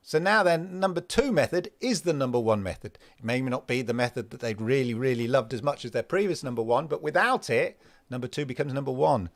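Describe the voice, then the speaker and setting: A man hosts a gaming livestream in a casual, rambling way and keeps breaking off to greet his chat. His voice sits a little high and swings up and down a lot. The sound is dry and close, with no room echo. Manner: rambling, animated, talks back to chat. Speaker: host of a livestream gaming show.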